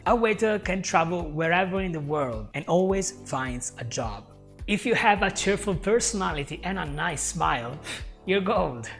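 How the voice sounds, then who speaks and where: Friendly guy teaching english, not his first language, keeps saying my friend, soft music under. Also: sits high, animated, normal speed, creaky. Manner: upbeat, keeps calling the viewer "my friend". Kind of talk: talking to camera, tips video. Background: faint music.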